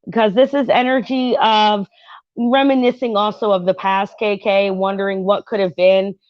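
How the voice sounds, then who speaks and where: A woman's voice: mid-range voice, steady tone, moderate pace, dry recording, muffled recording. A woman hosting her own channel, giving a casual tarot reading while chatting about a reality show, rambling with fillers and asides to viewers. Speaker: tarot reader and channel host.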